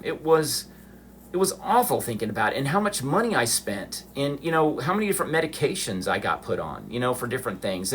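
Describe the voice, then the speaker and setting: A middle-aged man telling a personal story on a livestream, emotional and halting, restarting his sentences. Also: medium pitch, bright, forceful tone, slight background noise. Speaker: livestream host.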